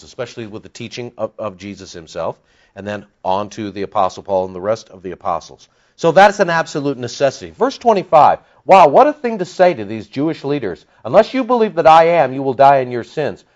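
Animated preacher man, lo-fi sound. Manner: animated, swings from emphatic to low and confiding. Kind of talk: expository Bible teaching sermon. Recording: dull lo-fi recording.

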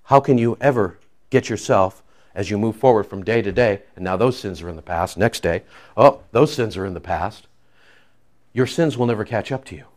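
A man preaching a sermon, emphatic and repetitive, swinging from loud declarations to hushed prayer. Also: fairly low pitch, normal speed. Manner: repeats phrases for emphasis. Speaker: pastor.

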